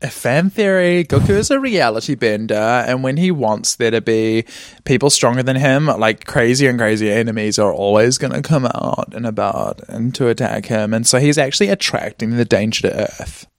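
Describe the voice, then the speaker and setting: A man's voice: mid-range voice, normal speed, dry recording, studio quality. A man co-hosting a casual chat, laughing often and acting out lines in silly voices. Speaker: podcast co-host. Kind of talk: casual chat recapping a comic.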